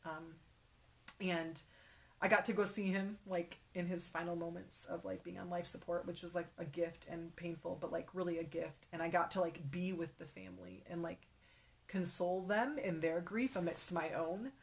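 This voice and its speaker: Soft-spoken young woman telling her story. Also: fairly low pitch, fairly even intonation, vocal fry. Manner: emotional, halting, many fillers, drops to a whisper. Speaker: guest sharing her faith story. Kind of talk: personal testimony in conversation.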